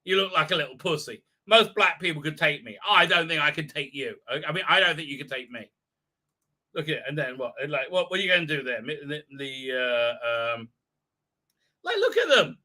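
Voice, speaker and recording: A man with a very bright, ringing voice hosts a live stream and talks through a show, rambling with plenty of filler and mockery. His pitch sits a little high for a man, and he keeps breaking into goofy put-on voices. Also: sing-song, a little fast. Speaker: show host.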